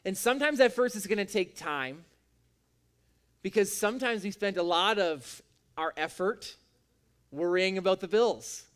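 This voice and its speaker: A man's voice: high-pitched, lively intonation, measured pace, pauses often, fairly bright tone, clear, resonant tone. A man preaching a sermon as a pastor, with an emphatic, repetitive cadence.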